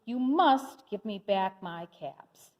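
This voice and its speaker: A woman's voice: mid-range voice, animated, slow, lo-fi sound. A woman voicing an angry male cap peddler who scolds and insists. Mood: angry scolding. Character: grumpy male cap peddler shouting at monkeys. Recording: long hall reverb.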